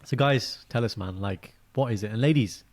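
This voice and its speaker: A young man, chatting casually as a podcast co-host. He tells stories with energy, often flipping into a high, squeaky voice to act out what others said. His voice sits at a middle pitch. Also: moderate pace. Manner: animated storytelling, acts out quotes in a high voice. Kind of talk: casual chat.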